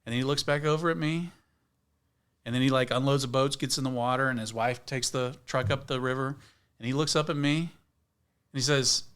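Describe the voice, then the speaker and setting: A middle-aged man, a podcast guest, telling an outdoor story in a lively, casual way and acting out the scenes. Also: medium pitch, fairly quick, clean tone. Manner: animated storyteller, acts out scenes. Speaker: guest, backpacking video creator.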